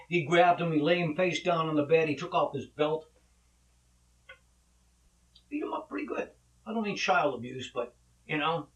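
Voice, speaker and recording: A man's voice: fairly high pitch, dull audio. A man hosting a casual vlog, talking conversationally with rambling asides. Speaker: vlog host, actor. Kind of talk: casual monologue and joke telling. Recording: echoey room, mic at a distance.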